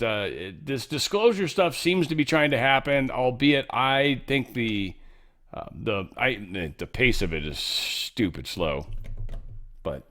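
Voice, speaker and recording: A man's voice: medium pitch, fairly bright tone. A man hosting a casual news commentary show, talking in a rambling, offhand way with lots of fillers and restarts. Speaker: show host.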